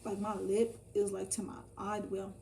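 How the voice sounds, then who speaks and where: A young woman telling a casual storytime vlog, animated and profane, talking straight to her viewers. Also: mid-range voice, moderate pace, gravelly, distant mic. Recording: voice from off the mic, faint ambient noise.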